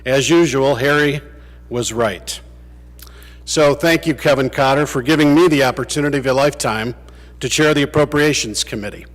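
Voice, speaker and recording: A state legislator delivers a farewell speech to his fellow lawmakers, sharing anecdotes with dry humor. He has a mid-range voice and speaks at normal speed. The big legislative chamber gives the recording a long reverb.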